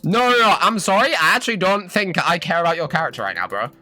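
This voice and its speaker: A live game streamer rants at the screen, loud and exasperated and swearing often. The pitch jumps all over the place, and the voice is bright and sharp. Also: lively intonation, fast talker, soft background music. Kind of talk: live gameplay commentary.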